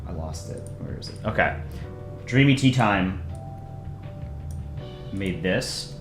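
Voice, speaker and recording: A man doing casual live-stream commentary as he reviews comics, relaxed and self-deprecating, often pausing with ums. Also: low-pitched, roomy sound, over music.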